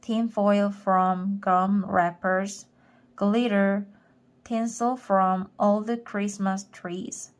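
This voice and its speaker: Slow, careful woman reading a storybook. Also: medium pitch, level tone. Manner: careful, rereading stumbled words. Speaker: storybook reader. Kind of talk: slow read-aloud for English learners.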